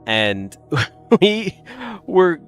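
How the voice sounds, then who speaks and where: A man with an American accent, a little congested, chatting casually with viewers in a rambling, animated way. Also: high-pitched, extremely slow, faint music behind. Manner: animated, rambling, swings between loud bursts and mutters. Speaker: streamer.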